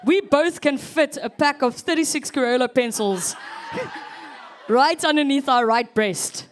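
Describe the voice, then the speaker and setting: A woman's voice: high-pitched, slow. A South African woman in her thirties performing a chatty stand-up set, teasing the audience. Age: 30s. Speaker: stand-up comedian.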